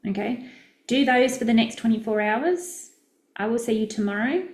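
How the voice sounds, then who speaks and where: A woman's voice: a little high, moderate pace, echoey room. A middle-aged Australian woman coaching in a chatty, direct, upbeat way during a casual live stream. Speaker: business coach.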